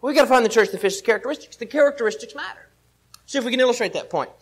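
A preacher delivers a sermon to his congregation in a notably high voice for a man. He talks earnestly, laying out his argument point by point and leaning on plain everyday examples. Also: expressive, very fast, poor audio. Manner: earnest, explains step by step with everyday illustrations. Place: church service.

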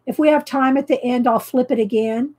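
Chatty Texan woman, middle-aged, fairly high. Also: fairly even intonation, brisk, mellow. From Texas. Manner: chatty, rambling, laughs often. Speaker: artist vlogger. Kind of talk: casual live-stream chat while coloring.

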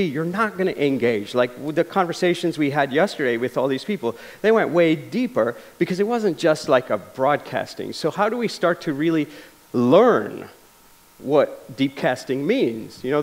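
A man giving a public lecture, telling stories earnestly, with frequent restarts and fillers. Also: fairly high pitch. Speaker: lecture speaker. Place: lecture hall.

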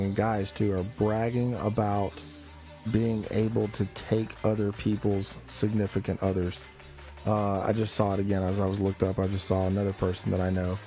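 A man's voice: lowish voice, mellow. A tired man streaming live, ranting in a blunt, profane and rambling way. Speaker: livestreamer. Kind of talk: casual live-stream rant.

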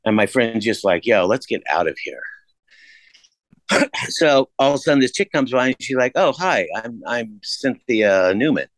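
A man guests on a podcast, telling a story in a casual, laid-back way and swearing freely, making big upward pitch jumps to act out the voices of people he quotes. His intonation is lively, his pace moderate with long pauses, and there's no echo.

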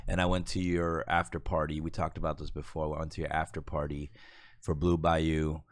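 A man co-hosting a casual podcast, telling stories in an animated way, swearing often. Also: extremely low pitch, a little fast, no room sound. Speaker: podcast co-host.

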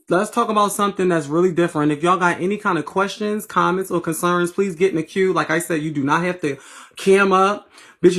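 A woman's voice: on the low side, a bit bright. A woman from Philadelphia hosting a casual late-night livestream, sassy and playful, with slangy, profane banter as she thanks her viewers, talking into a phone. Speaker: livestream host. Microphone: phone livestream app.

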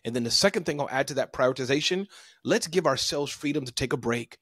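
A man's voice: mid-range voice, fast talker, fairly bright tone, slightly rough, dry recording, studio quality. A man who is a motivational speaker, a guest on a podcast, talking emphatically and laying out his advice in numbered points. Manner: emphatic, coaching, lists points. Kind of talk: interview conversation.

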